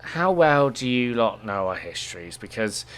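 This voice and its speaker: A man's voice: medium pitch, very animated, normal speed, fairly bright tone, clear, resonant tone. A man doing Elminster, weary ancient archwizard. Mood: lecturing. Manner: lecturing, rhetorical questions. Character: ancient weary male archwizard, worldly and blunt.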